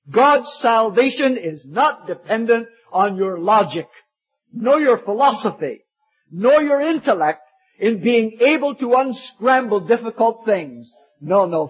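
Man, preacher, emphatic sermon, animated lively pitch, lo-fi muffled recording. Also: husky. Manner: emphatic, repeating phrases, addresses listener as friend. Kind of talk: evangelistic sermon.

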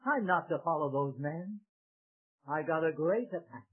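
A preacher delivering a fervent sermon, rising to shouts and correcting himself as he goes. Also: a little high, animated, moderate pace, husky. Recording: tinny phone-like recording.

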